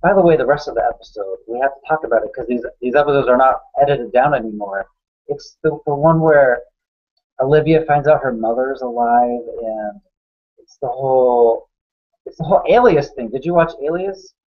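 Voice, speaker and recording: A man's voice: mid-range voice, normal speed. Chatty man with dull lo-fi sound. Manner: enthusiastic, opinionated, chatty. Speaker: awards editor and co-host. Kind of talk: casual conversational discussion.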